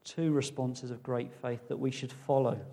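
A man preaching a sermon, repeating phrases for emphasis and building to loud declarations. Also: medium pitch, fairly even intonation, moderate pace.

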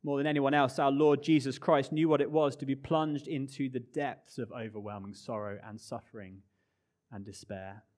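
Guy preaching a sermon, earnest, goes quiet and low then builds back up, mid-pitched voice. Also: fairly even intonation, moderate pace. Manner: earnest, swings from loud emphasis to hushed low phrases.

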